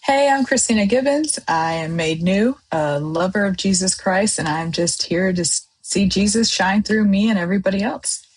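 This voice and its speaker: Husky-voiced woman telling her testimony. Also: medium pitch, moderate pace, hardly any pauses, rough recording. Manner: lively storyteller, acts out her own past outbursts. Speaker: podcast guest. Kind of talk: testimony in casual chat.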